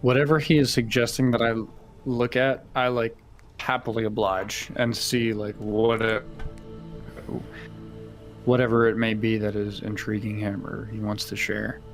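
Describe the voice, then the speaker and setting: A man's voice: fairly low pitch, little pitch movement, unhurried, soft background music. A man taking part in a tabletop game as a player, speaking in a plain, easygoing way. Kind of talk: tabletop role-play chat.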